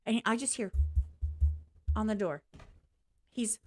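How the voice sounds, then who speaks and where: A woman chats straight to her stream viewers in a loose, unscripted rant. Her voice sits a little high for a woman, and she is blunt and swears freely. She laughs easily between points. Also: moderate pace, faint music behind. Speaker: live streamer. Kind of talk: casual ranting livestream chat.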